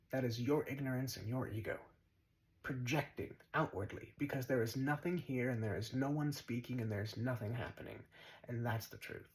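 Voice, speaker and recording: Man, spiritual teacher, mid-pitched voice, blunt, swearing, mocking, repeats short commands. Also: rough recording. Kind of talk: spiritual monologue.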